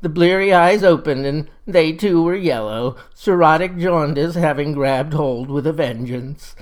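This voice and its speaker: A man's voice: a little high, unhurried, lightly acted. A grandiloquent old Mississippi farmer, as a man puts him on, talking. He lays out his views in mock-genteel, rambling sentences, in the manner of a satirical comic monologue. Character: folksy older male Mississippi farmer, pompous crank.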